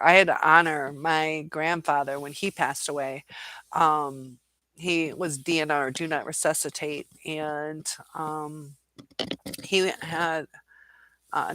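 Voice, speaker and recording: A woman's voice: sits low, pushed and bright, no room sound. A woman hosting a casual live-stream chat, reading viewer comments and answering in a rambling way with many fillers and quoted asides.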